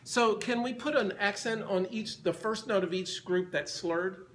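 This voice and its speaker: A man runs a band rehearsal, counting in and singing lines to demonstrate the sound he wants while the band plays around him. He has a high-pitched, unhurried voice, with a little hiss or hum on the recording.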